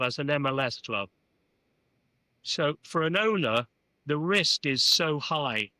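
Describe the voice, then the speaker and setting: Lebhafter älterer Mann erzählt Anekdoten. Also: male voice, a little high, no echo, low-quality recording. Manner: animated, anecdotal, peppered with "you know". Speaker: podcast guest, former club chairman. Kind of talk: storytelling in an interview.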